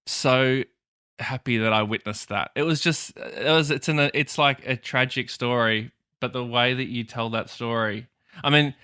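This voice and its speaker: A man co-hosting a podcast over a video call in casual chat, earnest and halting as he searches for words. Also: medium pitch, sharp tone, clear, resonant tone, dry recording, clean studio sound. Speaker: podcast co-host.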